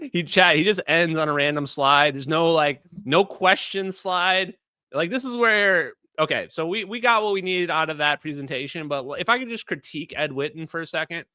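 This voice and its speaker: A man's voice: sits high, bright, forceful tone, dry recording, studio quality. A middle-aged man commenting on clips during a live stream, emphatic and opinionated, talking straight to his chat.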